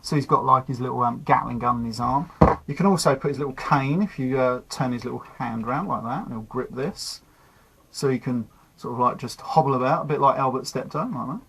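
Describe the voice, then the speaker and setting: A man's voice: mid-range voice, fairly quick, vocal fry, a bit bright, husky, rough recording. A man casually reviewing a toy, chatting easily as he handles it. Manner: chatty and easygoing, narrating while fiddling with a toy.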